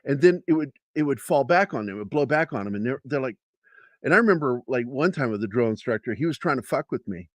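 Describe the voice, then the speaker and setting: A man's voice: mid-range voice, expressive, quick pace, dry recording. A man, a comic book artist, telling an anecdote casually with profanity and restarts in a livestream interview. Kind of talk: casual storytelling.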